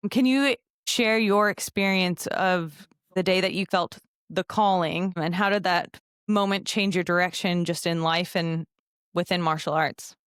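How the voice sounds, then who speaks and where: A woman's voice: mid-range voice, a bit bright, smooth, dry recording, studio quality. A woman hosting a podcast, asking open, thoughtful interview questions. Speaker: podcast host.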